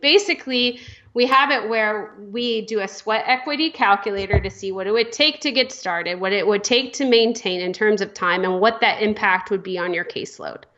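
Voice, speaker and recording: Brief: female business coach guest, mid-pitched, explanatory and giggly, slightly dull audio. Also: normal speed. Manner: warm-hearted, laughs often, thoughtful explaining. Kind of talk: casual podcast chat.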